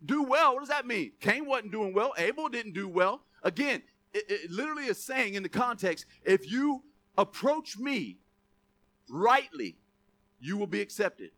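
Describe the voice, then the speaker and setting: Guy preacher, high bright voice, jokey conversational sermon. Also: sing-song, moderate pace. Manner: conversational, punchy, asks the congregation "Amen?" and "right?"; joking, chuckles often. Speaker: pastor.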